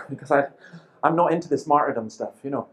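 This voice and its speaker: A man in his fifties delivers a seminar talk in a lively storytelling manner. He slips into the voices of people in his anecdotes and keeps a dry, humorous edge throughout. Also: mid-range voice, fairly quick, low-quality recording. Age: 50s. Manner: lively storyteller who acts out quoted people, with dry humour. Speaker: seminar speaker.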